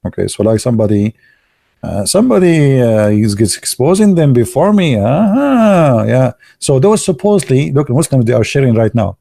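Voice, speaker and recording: An online commentator with a gravelly, dark, medium-pitched voice gives casual live commentary in a sing-song way. He halts often, with many fillers and restarts, and throws in sarcastic asides. The studio sound is clean, with no echo.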